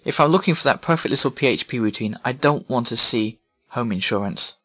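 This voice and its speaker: A man's voice: medium pitch, lively intonation, fairly quick, a bit bright, lo-fi sound. Sarcastic man reading a ranting monologue. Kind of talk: scripted opinion monologue.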